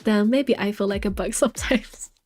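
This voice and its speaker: A woman's voice: medium pitch, moderate pace, darkish tone. A woman live-streaming a game, chatting casually with her viewers and reading game text aloud. She is chatty and giggly and trips over her words.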